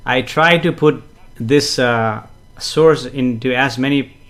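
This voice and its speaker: A man in casual live-stream mode, greeting viewers and reading out their comments. He speaks at an ordinary male pitch in an unhurried, conversational way, often saying "uh" and "you know." He explains ideas gently and comes back to the same point more than once. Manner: chatty, relaxed, frequent fillers and soft chuckles; gently explanatory, repeats himself for emphasis. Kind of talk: casual live-stream chat with spiritual teaching.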